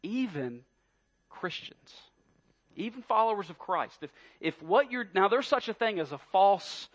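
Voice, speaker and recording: Man, pastor preaching, emphatic, repeats words, rhetorical questions, slightly high voice, muffled lo-fi recording. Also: sing-song, measured pace. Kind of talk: sermon.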